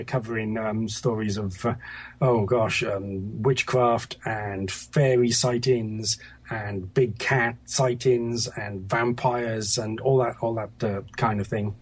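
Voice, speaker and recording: Husky-voiced man on a video call. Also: mid-range voice, a little mellow. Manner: hesitant, many fillers and restarts. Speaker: guest author. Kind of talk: interview over a video call.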